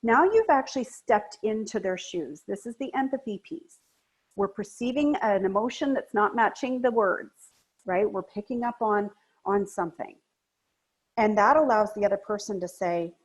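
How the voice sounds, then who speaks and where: A woman coach giving a training presentation in a lively, emphatic, conversational way. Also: measured pace, husky, low-quality recording. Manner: high-energy, emphatic talker.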